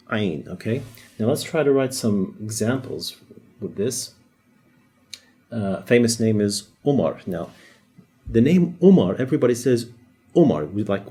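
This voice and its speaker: Man teaching a lesson, low mellow voice, a bit husky, patient with light jokes. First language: Arabic. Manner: explains patiently, demonstrates sounds, jokes lightly. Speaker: Arabic teacher. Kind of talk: casual whiteboard lesson.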